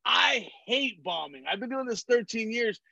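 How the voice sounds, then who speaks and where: A comedian from California chatting as a guest on an interview show, telling stories in an animated, profane way and acting out other people's voices. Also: male voice, very high voice, normal speed, gravelly, no room sound. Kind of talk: casual chat. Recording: dull, dry recording.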